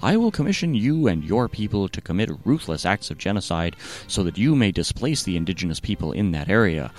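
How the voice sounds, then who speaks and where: A man voicing a commanding deity who gives orders in a slow, solemn proclamation. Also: low voice, sing-song. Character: bloodthirsty male deity, commanding.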